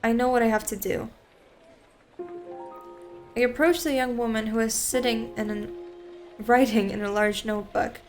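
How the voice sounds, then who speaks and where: Higher-voiced woman streamer reading aloud. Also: steady tone, a little mellow, soft background music. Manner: casual, with quick off-script asides. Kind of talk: reading a visual novel aloud with asides.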